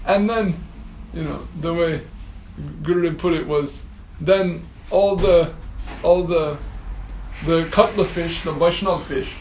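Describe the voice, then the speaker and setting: A man tells a spiritual story with lively energy, laughing often and filling pauses. His voice sits high. The room is echoey, with faint ambience behind. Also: highs cut off, slight background noise. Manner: animated, laughs often, many fillers. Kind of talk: storytelling talk.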